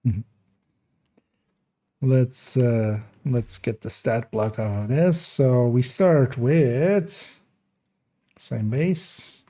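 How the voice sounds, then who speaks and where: A man's voice: medium pitch, very slow, pauses often, mellow. A man streaming a game live, in casual commentary, thinking aloud hesitantly as he works through numbers.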